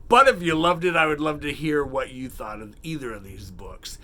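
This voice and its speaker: A man hosting a casual, unedited book review, chatty and animated, acting out bits of the story in quick quotes. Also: a little high. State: has the hiccups. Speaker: book review channel host.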